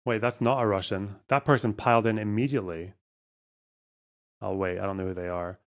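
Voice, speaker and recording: A man's voice: on the low side, steady tone, a little fast. A man hosting a live stream, talking casually, reacting to chat, and swearing as he goes.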